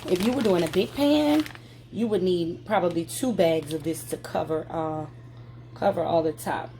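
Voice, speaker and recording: A woman's voice: on the low side, moderate pace, warm tone, a little hiss or hum. Chatty woman cooking at home. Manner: chatty, folksy, talks to viewers as "y'all". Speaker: cooking vlogger. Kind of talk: casual cooking demonstration. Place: home kitchen.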